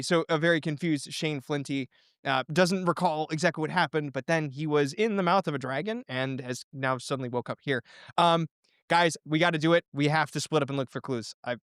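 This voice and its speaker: A man's voice: on the high side, normal speed, fairly bright tone, clear, resonant tone, no room sound, clean studio sound. A man co-hosting a casual podcast, eagerly thinking aloud while planning a story with friends. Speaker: podcast co-host.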